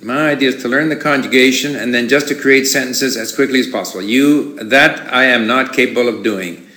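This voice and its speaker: A man speaks at a middle pitch in an easygoing, rambling manner, often restarting his sentences and filling pauses. His voice carries a noticeable echo from the room around him. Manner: relaxed, rambling, with many restarts and fillers. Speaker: conference speaker answering questions. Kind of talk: casual spoken talk with audience questions.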